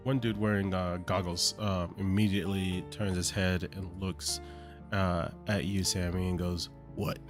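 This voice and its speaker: Deep male game master, hesitant narration, guitar music underneath. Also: little pitch movement, unhurried. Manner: hesitant, many ums and uhs.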